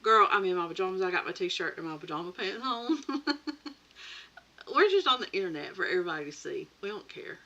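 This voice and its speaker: A woman's voice: fairly low pitch, expressive, a little fast, sharp tone, highs cut off. A woman hosting a casual late-night live chat from her home craft room, chatty and rambling, laughing often and greeting viewers by name. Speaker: crafting channel host. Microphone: computer or tablet mic.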